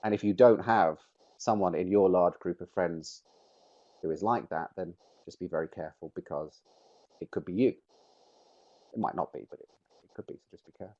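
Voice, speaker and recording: A middle-aged man with a lowish voice presents a webinar, leaning on key words to drive his points home. The audio is dull and lo-fi, like a typical online session. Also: fairly quick, long pauses, a little mellow. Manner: emphatic, varies stress on words to make points.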